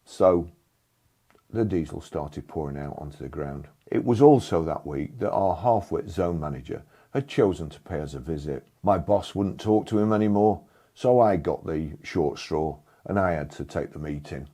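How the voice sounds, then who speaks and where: An older man from England telling a first-person story in a dry, blunt, sardonic manner, with a husky voice. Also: deep voice, normal speed, mellow.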